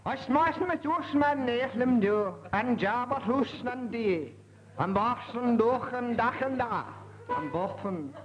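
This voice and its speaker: A man's voice: very high-pitched, expressive, takes it slowly, highs cut off, over music, full character voice. A man voicing a mock Welsh bard who chants sing-song, fake-Welsh gibberish. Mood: chanting.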